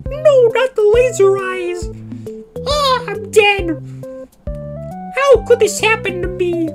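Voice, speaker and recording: A man voicing a panicked male animatronic in a very high, squeaky falsetto, wailing melodramatically. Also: slow, over music.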